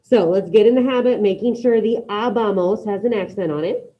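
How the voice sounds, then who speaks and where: A woman teaching a Spanish class to students in the room and online, giving brisk, repeated instructions and modeling pronunciation. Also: mid-range voice. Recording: dull lo-fi classroom audio.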